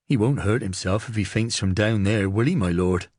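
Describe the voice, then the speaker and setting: A man's voice: low-pitched, moderate pace, pushed and bright, no room sound, studio quality, voice pushed down. A man voicing a brusque young man-at-arms who barks orders and mocks a prisoner in an audiobook. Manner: commanding, mocking.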